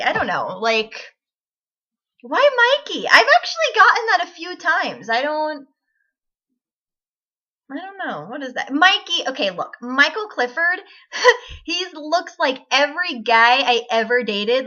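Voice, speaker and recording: A woman's voice: high voice, bright, forceful tone. A woman in her twenties chatting to camera in a giggly, rambling, self-deprecating way, on dull lo-fi audio. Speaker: vlogger. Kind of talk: casual chat to camera.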